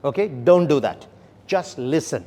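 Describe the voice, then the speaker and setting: A man's voice: a little high, lively intonation, unhurried, warm tone. A man leading a sales training session, explaining steps and often checking in with "okay?" and "right?". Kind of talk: classroom training lecture.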